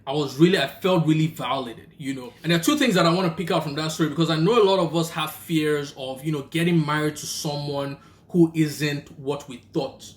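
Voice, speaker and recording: Young man, Nigerian accent, slightly high voice, lively storyteller, roomy echo. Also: fairly quick. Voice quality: animated, acts out the people in his story. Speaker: vlogger and rideshare driver. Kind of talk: casual storytelling and faith-based marriage advice.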